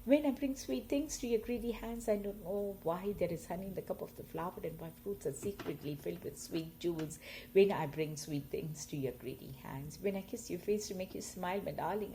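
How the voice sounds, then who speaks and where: A woman reading poems aloud, slow and expressive, her loudness swelling and fading with the lines. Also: sits low, a little hiss or hum, low-quality recording. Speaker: poetry reader. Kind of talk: poetry reading.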